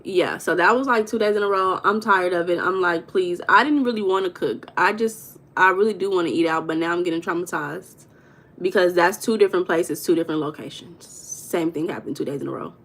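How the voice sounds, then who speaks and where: A young woman hosting a casual livestream, chatting with viewers, greeting them by name and telling stories with lively emphasis. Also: lowish voice, brisk. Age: young adult. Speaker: livestream host.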